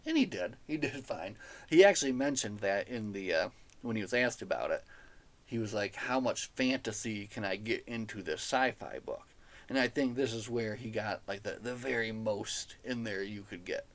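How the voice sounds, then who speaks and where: A man's voice: on the low side, lively intonation, moderate pace. A man hosting a podcast, recapping a novel in a casual, enthusiastic way, chatty and laughing now and then at the silly plot. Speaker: podcast host reviewing a novel.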